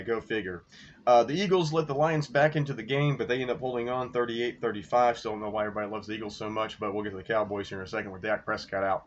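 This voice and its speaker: A man hosting a sports podcast, rambling through game results and his bets in a casual, profane, excitable way. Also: lowish voice. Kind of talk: casual sports recap and betting talk. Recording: dull lo-fi recording with faint noise.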